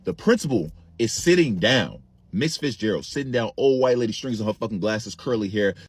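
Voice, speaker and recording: A man's voice: fairly low pitch, expressive, a little fast, husky. A young man casually telling a funny story in slangy, profane speech. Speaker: comedic storyteller.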